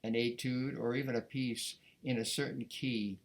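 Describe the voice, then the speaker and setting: A man giving a beginner violin lesson, talking in a gentle, explanatory way, often restarting words and sometimes singing out counts. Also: medium pitch, fairly even intonation, moderate pace. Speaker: violin teacher. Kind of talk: casual instructional talk.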